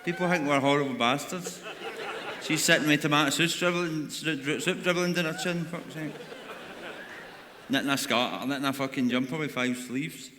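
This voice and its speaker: A man's voice: on the high side, fairly even intonation, moderate pace. A man with a Glaswegian accent doing a stand-up comedy set, crude and sweary, mocking and bantering with the crowd. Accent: Scottish, Glaswegian. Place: large arena on stage. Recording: echoey arena with crowd noise.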